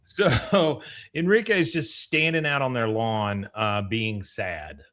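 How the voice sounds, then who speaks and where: Brief: podcast host, man, bright tone, animated recap style. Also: mid-range voice, takes it slowly. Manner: animated recapping, laughs often. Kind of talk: casual chat.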